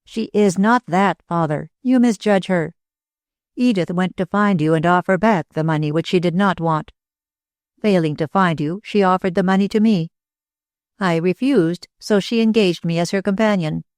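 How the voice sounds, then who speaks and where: Storybook part: a loyal young woman, earnest and vehement, voiced by a woman with a low voice. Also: normal speed, darkish tone, dry recording, studio quality, lightly acted.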